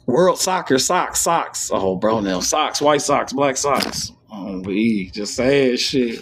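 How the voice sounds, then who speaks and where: A man's voice: medium pitch, animated, measured pace, hardly any pauses, a little hiss or hum. A man giving rambling, profane esoteric commentary, reading passages aloud between joking outbursts and mutters. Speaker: channel host.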